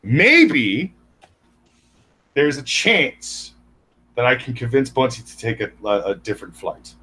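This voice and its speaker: A man joining a stream as a guest, trading crude, deadpan mock insults. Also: mid-range voice, normal speed, husky. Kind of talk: casual crude banter.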